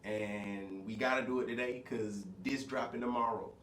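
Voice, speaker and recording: A man hosting a casual podcast chat, slightly hoarse, talking in a laid-back way. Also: medium pitch, fairly even intonation, fairly bright tone. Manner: laid-back, swearing, drawn-out greetings. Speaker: podcast host. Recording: roomy, distant mic with faint noise.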